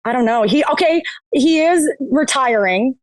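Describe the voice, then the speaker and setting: A reality TV competitor guests on a podcast, her high-pitched voice expressive and at normal speed with no room sound. The casual chat is candid, full of swearing, and she laughs often.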